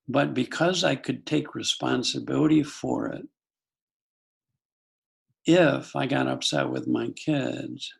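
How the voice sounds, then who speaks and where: A husky, gravelly older man speaks as a psychologist guest in a podcast conversation. He reflects on family life through anecdotes, often stopping to restart a thought. The delivery is thoughtful and unhurried. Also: medium pitch.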